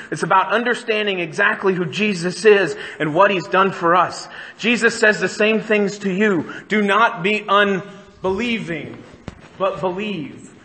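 Man preaching a conversational sermon, bright and reverberant. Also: sits high. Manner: conversational, asks the congregation questions. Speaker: pastor. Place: church sanctuary. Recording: church hall reverb.

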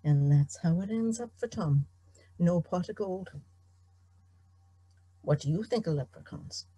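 A middle-aged woman storyteller telling a folk tale in an animated, expressive way. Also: lowish voice, a little slow, breathy edge, no echo.

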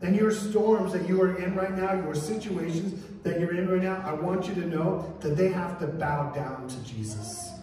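A man preaching a sermon in a church, telling stories in an animated way with acted quotes. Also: sits high, moderate pace, hardly any pauses, slight background noise. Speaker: pastor. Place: church sanctuary. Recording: echoey hall, distant mic.

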